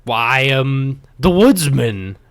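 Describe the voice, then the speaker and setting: A man voicing a rough male woodsman in a put-on pirate-like accent, talking loudly and bluntly. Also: mid-range voice, very animated, drawn-out words, dry recording, exaggerated voice. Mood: defensive.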